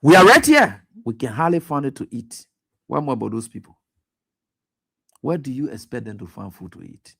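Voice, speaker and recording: A man's voice: mid-range voice, sing-song, moderate pace, fairly bright tone, slightly rough. A man hosting a radio talk show, delivering impassioned, accusatory political commentary with repeated pointed questions. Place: radio studio.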